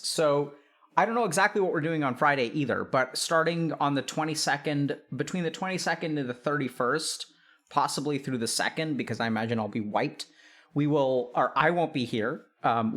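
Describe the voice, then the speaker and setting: A man hosts a livestream in a casual, playful way, talking straight to his viewers. His voice sits at an ordinary middle pitch for a man, and his delivery is upbeat and easygoing. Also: fairly bright tone. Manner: playful, upbeat, talks directly to chat. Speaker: streamer and psychiatrist host.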